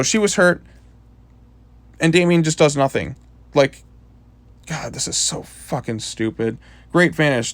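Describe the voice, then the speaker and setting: A man's voice: mid-range voice, no echo. A man giving a casual, frustrated comic book review, swearing often and filling his talk with "like".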